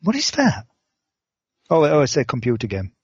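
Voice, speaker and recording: A man in his forties chats loosely as a podcast co-host, circling his point with lots of restarts and "sort of". His humor runs dry and sarcastic. The voice sits a bit high, the sound is dull and lo-fi, and the room is dead dry. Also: huge pitch swings, normal speed, breathy edge, no room sound. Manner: rambling with many restarts and "sort of" fillers. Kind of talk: casual chat.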